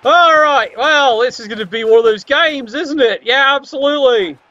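A man's voice: extremely high pitch, moderate pace, dull audio, heavy background noise. A man commentating a tabletop sports game with wry, sarcastic asides.

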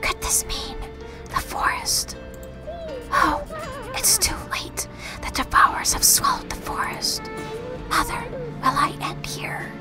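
A small, frightened firefly creature, whispered by a woman in a breathy role-play voice. Its high pitch swings widely from hushed pleas to sudden cries. Game music plays steadily behind. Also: wildly swooping pitch, takes it slowly, pauses often, full character voice. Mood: desperate.

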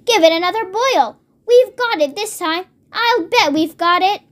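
A young reader putting on a jumpy farmer dad in a storybook, all shouting and impatience. The voice sits very high and bright. He can't wait for anything. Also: animated, moderate pace. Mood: eager. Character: excitable, jumpy father on a farm. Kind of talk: read-aloud storybook.

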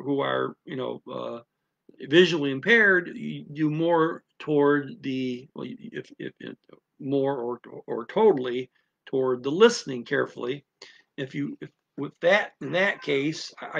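A man's voice: medium pitch, gravelly, a bit bright, dull audio. A man giving a casual spoken lesson on learning a language, rambling with many restarts.

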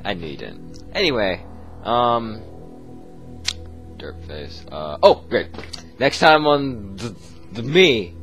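A man's voice: on the low side, big pitch swings, slow pace, pauses often, fairly bright tone. A young man recording a let's play, rambling goofily and talking straight to his viewers. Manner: goofy, rambling, talks to viewers. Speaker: gaming video host. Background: game music.

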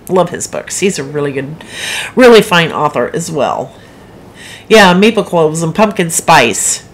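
A middle-aged woman author hosting a live broadcast, chatting frankly and rambling into asides with her viewers. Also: low-pitched. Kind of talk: casual livestream chat.

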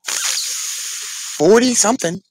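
A man's voice: very high voice, lively intonation, very slow, no echo. A man playing a tabletop game, confidently boasting about how hard his character is to hit. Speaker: player.

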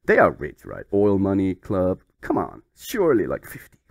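A man's voice: low voice, huge pitch swings, moderate pace, vocal fry, hardly any pauses, dry recording, clean studio sound. A man hosting a comedic game playthrough, playful and mock-flustered as he rambles along. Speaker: YouTube gaming host.

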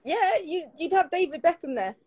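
A woman's voice: very high-pitched, animated, normal speed, a little mellow. A woman hosting a casual interview chat on a livestream, friendly and asking follow-up questions. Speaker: host.

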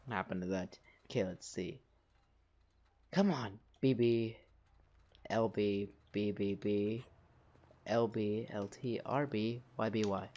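Muffled, with slight background noise, a young man's fairly low, darkish voice comes through slowly and with frequent pauses. He's doing casual let's-play commentary over game music, narrating his moves and swearing at the game when it goes badly.

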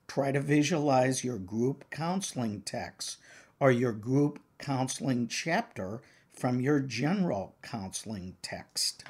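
Older male professor, husky, slow and deliberate, emphatic teaching delivery. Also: mid-range voice, darkish tone. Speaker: counseling exam prep author and professor. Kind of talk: lecture to exam takers.

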